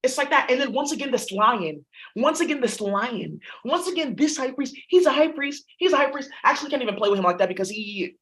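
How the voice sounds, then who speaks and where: A woman's voice: sits high, animated, brisk, a bit bright, rough recording. A woman giving a spiritual reading in a blunt, profane, rambling monologue. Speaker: astrology reader.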